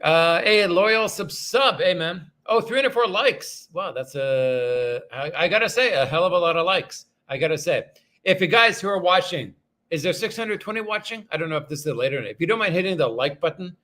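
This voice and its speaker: A man's voice: high-pitched, animated, moderate pace, bright, forceful tone. A man hosting a casual livestream, reading viewer comments aloud and rambling in a self-deprecating way as he thanks each viewer.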